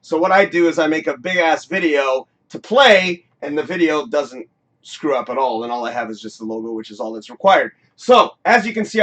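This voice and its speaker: A man hosting a casual live-streamed talk show, rambling, excitable and swearing freely in a home studio. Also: fairly high pitch.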